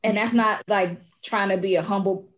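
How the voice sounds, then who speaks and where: A young adult woman chatting casually as a podcast guest, telling lively stories and acting out what people said. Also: medium pitch, normal speed. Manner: animated storyteller acting out quoted voices. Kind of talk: casual chat.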